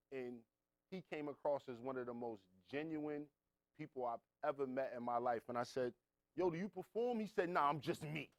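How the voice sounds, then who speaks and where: A man's voice: medium pitch, no room sound. A man hosting a talent showcase, bantering casually and introducing the next act. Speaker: host.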